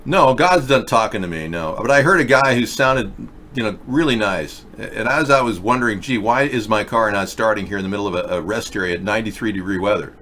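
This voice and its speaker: A man's voice: fairly low pitch, animated, fairly quick, fairly bright tone, slight background noise. A man hosting a casual video chat show, rambling through stories and reading viewer comments aloud. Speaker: show host.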